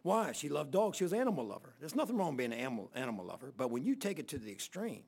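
A man preaching a sermon in a folksy, halting way with many fillers, reading scripture aloud in old-fashioned wording. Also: on the high side, very animated, gravelly, a little mellow, husky. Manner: reads scripture aloud in King James wording. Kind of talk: sermon Bible teaching.

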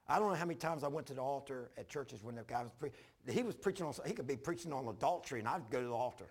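An older man preaching a sermon, telling his own story in a folksy, repetitive way with sudden loud bursts. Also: mid-range voice, lively intonation, racing, husky. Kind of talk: sermon with personal testimony.

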